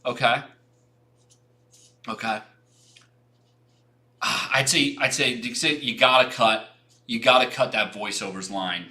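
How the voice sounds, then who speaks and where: A man's voice: medium pitch, measured pace, long pauses, pushed and bright. A young man hosting a design livestream, giving frank, rambling portfolio feedback with many restarts and some casual swearing.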